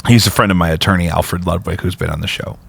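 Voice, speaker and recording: A man's voice: fairly even intonation, fast, gravelly, husky, dry recording. A man hosting a casual podcast, rambling through stories with jokey asides. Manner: rambling, jokey, prone to sudden high-pitched bits. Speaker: podcast host. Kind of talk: casual chat.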